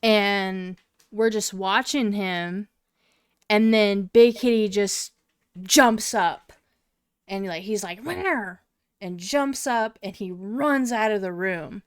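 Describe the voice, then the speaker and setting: Speaking slowly with a clean, medium-pitched tone, this podcast co-host in her twenties is recorded at studio quality with no room sound. Her storytelling is laid-back and wandering, heavy on profanity and fillers.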